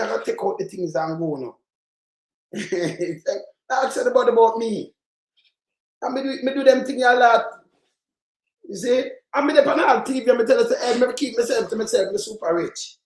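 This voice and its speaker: A man's voice: high voice, darkish tone. Angry Jamaican man ranting in a roomy echo. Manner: angry, rambling, swears, mixes in patois. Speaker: channel host. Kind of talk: heated political rant. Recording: roomy echoey sound.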